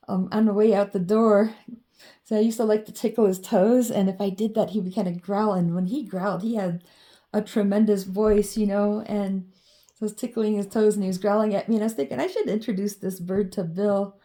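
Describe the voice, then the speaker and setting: A woman's voice: mid-range voice, mellow. A woman vlogging in a casual, meandering monologue full of ums and you-knows as she shows her drawings.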